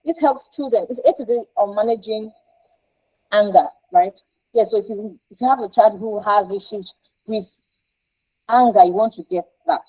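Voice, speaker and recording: A woman's voice: medium pitch, normal speed, long pauses, warm tone, poor audio. A woman counsellor teaching parents in an informal, emphatic way, often repeating herself and checking in with "right?".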